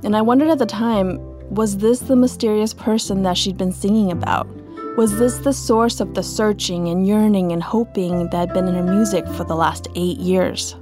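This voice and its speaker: Gentle woman podcast host narrating. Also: mid-range voice, fairly even intonation, normal speed, over music. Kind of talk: scripted narration and interviewing.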